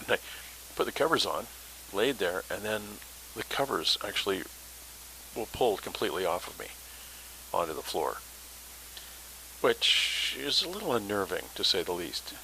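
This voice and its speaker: A man's voice: lowish voice, pushed and bright, a little hiss or hum, poor audio. A man hosting a paranormal podcast, telling his story in a casual, rambling way with many fillers.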